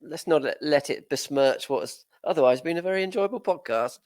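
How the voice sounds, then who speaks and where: A man in a casual podcast chat, wry and teasing. His pitch swoops up and down a great deal, and his voice sounds dry and close to the mic. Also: expressive, brisk, a little mellow, no echo. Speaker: podcast co-host.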